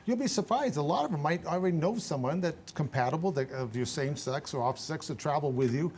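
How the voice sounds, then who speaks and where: An older man, a guest on a radio talk show, giving travel advice in an animated, emphatic way with frequent restarts. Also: on the high side, quick pace, slight background noise.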